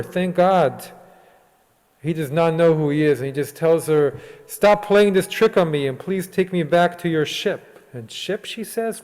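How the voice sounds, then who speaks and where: A male rabbi giving a sermon in a synagogue sanctuary, retelling a story and voicing its dialogue. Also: on the high side. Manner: retells a story with quoted dialogue, lively and unhurried. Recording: long hall reverb.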